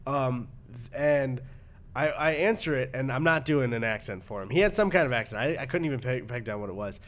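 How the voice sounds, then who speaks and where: A man's voice: medium pitch, brisk. A young man, a podcast guest, telling a story in casual chat and acting out the people in it. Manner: animated, acts out the people in his stories.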